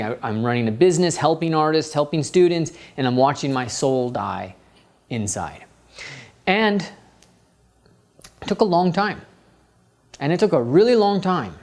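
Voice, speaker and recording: Animated man telling a personal story. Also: medium pitch. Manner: animated, acts out his inner voice. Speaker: art teacher.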